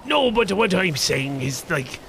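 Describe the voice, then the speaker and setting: A man's voice: high-pitched, big pitch swings, a little slow, gravelly, bright, forceful tone, a little hiss or hum. A man playing a tabletop game, cracking jokes in casual banter. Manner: joking, wisecracking. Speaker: player.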